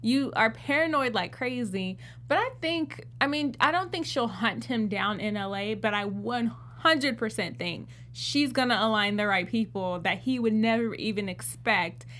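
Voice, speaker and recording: A woman co-hosting a TV recap show in casual chat, animated and acting out what she would say. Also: fairly high pitch, normal speed, few pauses. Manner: animated, acts out what she'd say. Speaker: co-host.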